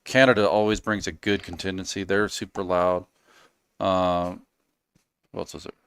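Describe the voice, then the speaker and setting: Very deep-voiced man, smooth and rambling. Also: level tone, moderate pace, no echo, studio quality. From United States. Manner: easygoing, rambling, frequent ums and trailing asides. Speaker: podcast guest, powerlifter. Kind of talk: casual interview talk.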